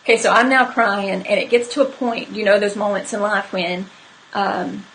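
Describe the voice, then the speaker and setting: A woman's voice: medium pitch, steady tone, normal speed, fairly bright tone, slight background noise, rough recording. A woman telling a personal story to live viewers in a candid, conversational way, with many fillers. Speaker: horse trainer hosting a live stream.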